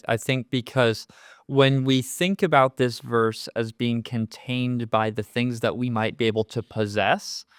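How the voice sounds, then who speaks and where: A man's voice: mid-range voice, smooth, no echo, studio quality. A man leading a conversational Bible study, earnest and explanatory, often repeating words as he works out a thought.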